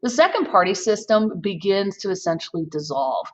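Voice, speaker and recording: Woman, history teacher, recorded slide lecture, measured, explanatory, mid-pitched, slightly dull audio. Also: animated. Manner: measured, explanatory, occasional ums.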